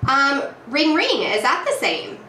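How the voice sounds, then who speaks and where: A woman running drill-style teaching trials as a behavior therapist, coaxing with quick praise. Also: sits high, very animated, sharp tone. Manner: coaxing, quick praise, imitates sounds playfully. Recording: echoey room, distant mic, faint noise.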